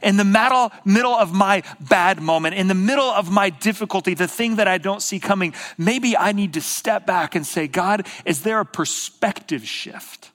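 High-voiced man preaching a sermon. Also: normal speed, few pauses, fairly bright tone. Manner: repetitive, emphatic storytelling with casual asides. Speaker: pastor.

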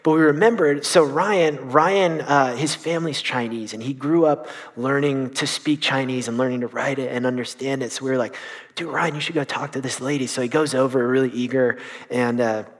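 Young guy youth pastor telling a story in a sermon, earnest, kinda halting, lots of restarts. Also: medium pitch. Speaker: youth minister.

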